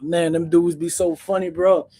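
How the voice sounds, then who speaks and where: A man hosting his own channel, telling stories in a casual, animated, slangy way, calling everyone "bro". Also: fairly high pitch, normal speed. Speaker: channel host recounting prison life. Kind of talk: casual storytelling to camera.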